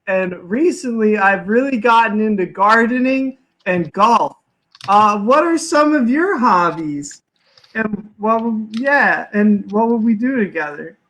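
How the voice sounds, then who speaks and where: A man's voice: high-pitched, lively intonation, bright, forceful tone, heavily acted, low-quality recording. A man playing a naive, spoiled rich young man on a dating game show sketch. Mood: earnest. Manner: unhurried, politely impressed. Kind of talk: comedy sketch.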